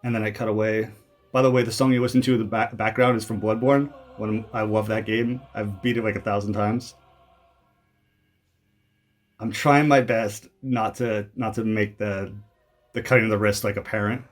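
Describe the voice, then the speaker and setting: A man's voice: fairly low pitch, steady tone, moderate pace, soft background music. A young man from Canada giving casual commentary over his own old video, rambling and poking fun at himself, with many fillers and restarts.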